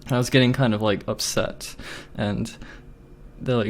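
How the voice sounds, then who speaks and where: A man's voice: mid-range voice, fairly even intonation, moderate pace. A man telling a story casually, agitated and swearing often, with lots of filler words. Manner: profane, agitated, filler-heavy.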